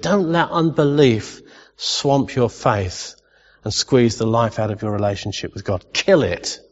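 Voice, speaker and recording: Male preacher, conversational sermon with playful asides, dull recording in a reverberant hall. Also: mid-range voice. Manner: conversational, asks the congregation questions, playful asides.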